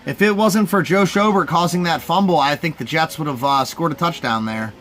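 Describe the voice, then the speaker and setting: A man's voice: on the high side, brisk, fairly bright tone, a little hiss or hum. A man with a slightly raised voice hosts a casual live reaction stream for a sports game. He talks in a loose, rambling way, addressing his chat directly. He sounds tired, yawning between thoughts. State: sleepy, yawning.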